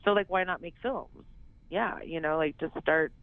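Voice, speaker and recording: A woman's voice: sits low, normal speed, no room sound. A woman being interviewed who rambles casually, filling her talk with "like" and "you know". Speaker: actress, interview guest. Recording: tinny phone line.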